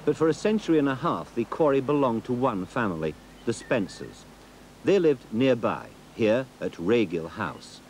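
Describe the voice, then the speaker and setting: Guy doing scripted documentary narration, lots of pitch movement, bit of faint noise. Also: big pitch swings, moderate pace, a little mellow.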